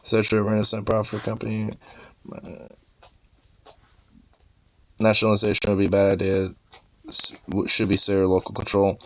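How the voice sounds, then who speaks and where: A man muses aloud as he scrolls through online posts, drifting from topic to topic and swearing casually. His voice sits a bit low but comes across bright and forceful. He talks in loose, restarting sentences packed with fillers. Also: monotone, moderate pace, pauses often. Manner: profane, rambling, full of fillers and restarts. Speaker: streamer browsing online posts. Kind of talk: casual rambling commentary.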